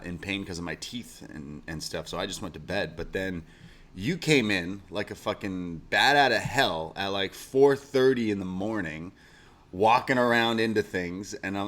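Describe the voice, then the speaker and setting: Casual low-voiced man telling anecdotes. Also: a bit bright. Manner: rambling anecdotes with swearing and laughs. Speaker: podcast co-host. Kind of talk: casual storytelling chat.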